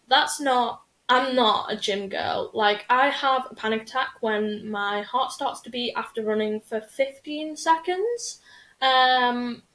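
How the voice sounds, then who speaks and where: A woman's voice: on the high side, a bit bright. A young woman, hosting a podcast in a rambling, chatty way full of fillers. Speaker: podcast host. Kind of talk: casual chat. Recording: echoey room.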